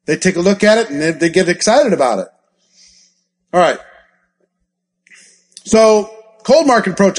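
A man giving a live sales training talk, acting out sample scripts in an animated, coaching manner. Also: high voice, moderate pace, long pauses. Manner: animated, acts out scripts and gasps for effect. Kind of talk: live training talk with role-play examples.

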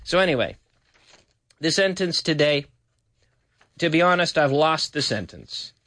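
A man teaching English on a radio show from a studio, chatting, laughing often and repeating phrases slowly for learners. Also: a little high, expressive, a bit bright, dry recording. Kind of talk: radio English lesson with translation drills.

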